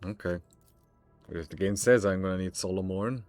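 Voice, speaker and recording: A man with a very low voice casually plays through a role-playing game, reacting aloud and reading its text with small stumbles. Faint game music plays quietly in the background. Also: moderate pace, no room sound. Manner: chatty, reacts aloud, stumbles over words while reading. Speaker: streamer.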